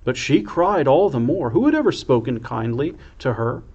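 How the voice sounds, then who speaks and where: A man, a priest, reading a children's storybook aloud in a slow, expressive way. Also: mid-range voice, slightly rough, dull audio.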